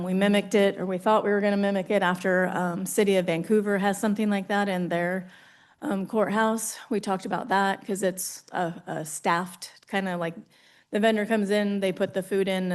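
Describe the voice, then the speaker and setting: A woman's voice: on the low side, darkish tone. Winded woman official at a public meeting. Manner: hesitant, many ums and restarts. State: out of breath. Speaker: county official. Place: county meeting room.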